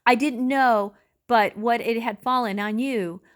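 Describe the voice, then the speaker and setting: A woman voicing a worried, gentle country mother in a storybook reading, speaking in a fretful way. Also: on the high side, unhurried, close to an everyday voice. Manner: fretful, anxious.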